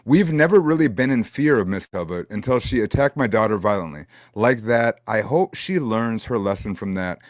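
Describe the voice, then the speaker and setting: A hesitant man on the stand in court, stumbling over fillers as he explains himself, read aloud by a man from a transcript. His voice sits mid-pitch and sounds dry and close. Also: lively intonation, normal speed, few pauses, no room sound, close to an everyday voice. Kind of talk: comedic court transcript reading.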